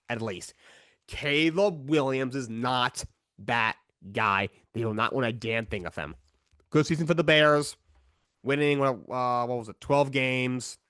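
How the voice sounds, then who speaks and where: A man's voice: medium pitch, a bit bright, no room sound. A man hosting a sports show, recapping a football game casually with frustrated, opinionated rants. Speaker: sports podcast host.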